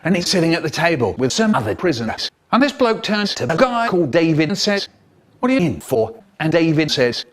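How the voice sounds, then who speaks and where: A man telling a comic story with exaggerated, expressive delivery. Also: a little high, brisk. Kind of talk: comic storytelling, spliced from clips.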